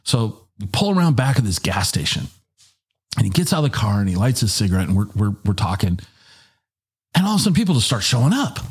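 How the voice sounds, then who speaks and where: A middle-aged man telling a long anecdote in a casual, animated way, jumping up in pitch when he quotes people. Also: fast, husky. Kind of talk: casual storytelling.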